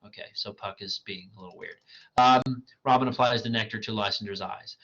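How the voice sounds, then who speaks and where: A man's voice: lowish voice, steady tone, brisk, fairly bright tone. A man giving a recorded literature lecture, with casual asides. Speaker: literature professor. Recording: lo-fi dull recording.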